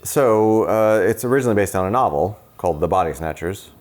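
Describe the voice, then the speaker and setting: A man's voice: fairly low pitch, animated, a little fast, a little mellow. A man co-hosting a casual movie-review podcast, talking with a dry, joking delivery. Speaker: podcast co-host.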